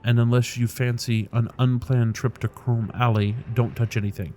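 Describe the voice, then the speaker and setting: Cultured polite engineer guy, read out by a man, pleasant, measured, unhurried, normal pitch. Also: flat delivery, mellow, slight background noise, close to an everyday voice. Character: cultured, pleasant middle-aged man, calm drone engineer.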